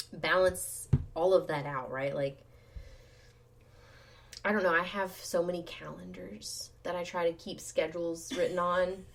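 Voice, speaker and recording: A woman co-hosting a podcast in casual chat, talking in a loose conversational way with lots of "like" and "right?". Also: lowish voice. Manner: chatty, conversational, often says "like" and "right?". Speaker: podcast co-host.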